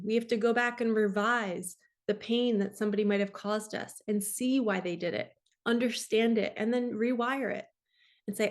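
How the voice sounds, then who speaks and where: Woman, 40s, spiritual coach, earnest heartfelt delivery, fairly high-pitched. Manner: earnest and emotional, tearful in places. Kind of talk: personal testimony to camera.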